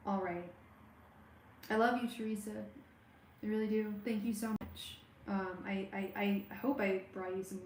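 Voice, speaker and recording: A woman giving a live tarot reading on a stream, speaking warmly and straight to the viewer, with many halting restarts and fillers. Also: mid-range voice, roomy sound, a little hiss or hum, poor audio. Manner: warm, personal, talks straight to the viewer. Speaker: tarot reader.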